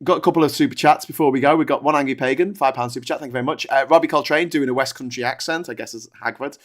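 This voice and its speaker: A man's voice: mid-range voice, rapid-fire. A man with a Liverpool accent co-hosting a casual political chat, rambling with fillers as he reads out viewer messages. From Liverpool, England. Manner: chatty, rambling, lots of fillers and restarts. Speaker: podcast co-host. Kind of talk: casual political chat, reading super chats.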